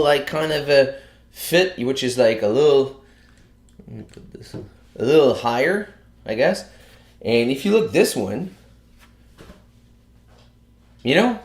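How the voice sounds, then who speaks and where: A man's voice: mid-range voice, very animated, measured pace, long pauses. A man chats casually through a live stream, piling up fillers and restarts as he goes. He sounds a little out of breath. The room around him is bare and echoey. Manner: chatty, many fillers and restarts.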